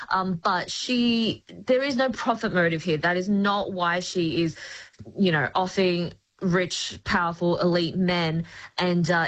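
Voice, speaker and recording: A woman screen critic on a radio chat, explaining a series in an articulate, lively way. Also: lowish voice, poor audio. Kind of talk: casual review chat.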